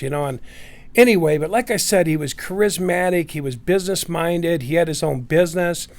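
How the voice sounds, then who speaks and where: A man's voice: a little high, lively intonation, fairly quick, vocal fry. Rambling middle-aged man telling a story. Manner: rambling, many fillers and restarts. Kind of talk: casual personal storytelling.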